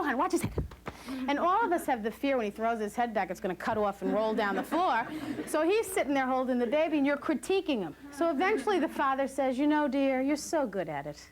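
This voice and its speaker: A woman leading a postpartum class for new parents, talking in an animated way, acting out quoted voices and laughing often. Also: sits high. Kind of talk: lively educational talk to new parents. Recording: hissy 1980s VHS recording.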